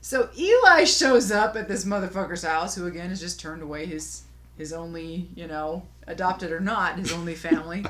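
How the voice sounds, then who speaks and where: A woman co-hosting a casual movie podcast, retelling a film scene in a loose, halting way. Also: on the low side, lively intonation. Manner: conversational recapping, many restarts, quiet asides. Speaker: podcast co-host.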